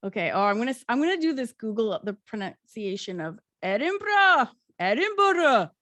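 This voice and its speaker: Giggly, lively American woman chatting. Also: a little high, brisk, dry recording, studio quality. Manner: giggly, excitable, self-mocking. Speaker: podcast co-host. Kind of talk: casual chat.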